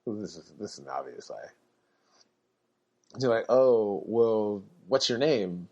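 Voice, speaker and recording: A man's voice: lowish voice, sing-song, measured pace, mellow, lo-fi sound. Laid-back man telling a story. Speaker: podcast guest telling a story. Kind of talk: casual storytelling.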